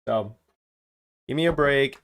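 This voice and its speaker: A man's voice: medium pitch, slow pace, background noise. A man from Germany hosting a casual live watch-along stream, joking around and teasing the viewers as he reads their chat messages aloud. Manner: jokey, reads out and teases chat.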